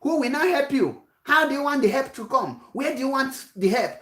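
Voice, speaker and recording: A woman's voice: high voice, lively intonation, fairly quick, a bit bright, roomy sound. A woman giving a rousing political speech, full of rhetorical questions and repetition. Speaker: activist speaker.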